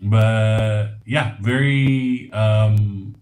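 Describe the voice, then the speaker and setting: Slow, low-voiced hesitant man. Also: fairly even intonation, a little mellow. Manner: slow, hesitant, dry joking. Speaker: radio host guest. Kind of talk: casual chat.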